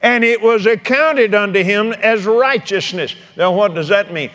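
A man with a high-pitched voice preaching a sermon. He tells folksy stories and presses his points with fervor, swinging between easy chatter and loud emphasis. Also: measured pace, few pauses. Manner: folksy storytelling preacher, fervent.

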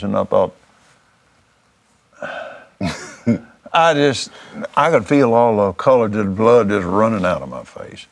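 A man's voice: medium pitch, very animated, slow pace, pauses often. Fervent folksy preacher man. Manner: fervent, folksy, repeats words as he restarts. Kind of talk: storytelling testimony.

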